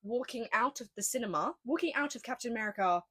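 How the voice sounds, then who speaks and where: A woman's voice: on the high side, quick pace, husky. A young woman with an Australian accent, co-hosting a casual podcast and telling stories with swearing and laughs. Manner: animated storytelling with laughs and swearing. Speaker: podcast co-host. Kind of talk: casual chat.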